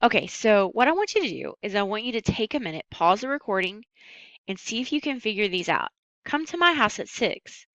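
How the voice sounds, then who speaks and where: Bright-voiced woman teaching a lesson. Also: medium pitch, sing-song, dry recording, lo-fi sound. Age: adult. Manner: patient, upbeat, slow and careful on Spanish words. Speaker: Spanish teacher. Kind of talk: recorded language lesson.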